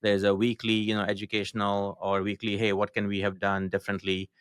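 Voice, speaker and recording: A man guest on a podcast, explaining business tactics in a halting, matter-of-fact way with many fillers and restarts. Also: lowish voice, completely flat delivery, fairly bright tone, clean tone, no echo, studio quality. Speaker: podcast guest, marketing consultant. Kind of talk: casual podcast interview.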